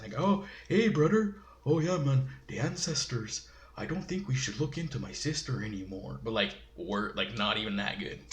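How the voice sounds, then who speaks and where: In a roomy-sounding recording, a man with a mid-range, fairly bright voice recaps a show episode. He reviews it casually and ramblingly, with lots of fillers and little chuckles.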